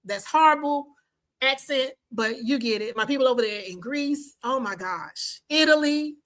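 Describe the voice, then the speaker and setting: A woman in her fifties hosts her own podcast, her voice bright and sharp. She talks in an animated, repetitive way, urging listeners on, then moves into fervent spoken prayer. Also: on the high side. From Washington, D.C. and the Carolinas, USA. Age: 50s. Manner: animated, repeats phrases for emphasis, prays fervently. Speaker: podcast host. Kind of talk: casual podcast outro and prayer.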